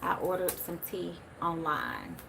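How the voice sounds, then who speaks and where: A woman's voice: lowish voice, big pitch swings, a little slow, vocal fry, background noise. A woman, chatting casually with viewers on a livestream and reading their comments aloud. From Memphis, USA. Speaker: spiritual livestream host.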